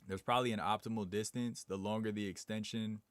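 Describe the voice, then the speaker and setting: A man's voice: fairly low pitch, fairly even intonation, a little fast, no room sound. A man live streaming in a casual, slangy way, reading viewer comments aloud and chatting back. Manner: slangy, laid-back, reads chat aloud and answers it.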